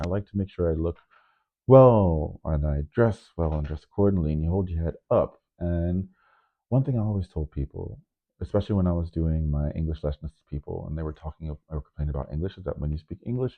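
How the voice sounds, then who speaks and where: A man with a deep, low voice talks through his vlog in a loose, rambling way, nervous in front of the camera. He keeps breaking into sudden high, loud bursts before dropping back down. The sound is thin and narrow, like a phone line. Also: a little fast. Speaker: DJ and vlogger. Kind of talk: casual vlog monologue. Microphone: microphone.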